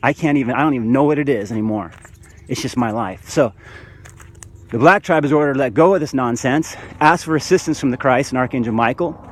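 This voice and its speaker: A man's voice: mid-range voice, brisk, a little hiss or hum. Fervent rambling man preaching to camera. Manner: addresses viewers as "guys". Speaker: vlogger. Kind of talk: spiritual monologue to camera.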